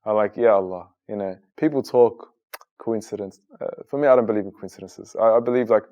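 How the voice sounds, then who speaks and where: A man in his thirties from Australia, telling his own story in an interview in an earnest way and becoming lively when he retells conversations. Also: lowish voice, brisk. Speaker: guest, Muslim content creator.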